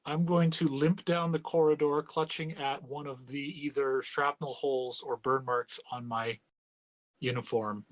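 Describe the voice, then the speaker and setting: A man's voice: mid-range voice, fairly even intonation, unhurried. A man playing a tabletop game, chatting in a playful, joking way. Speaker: player.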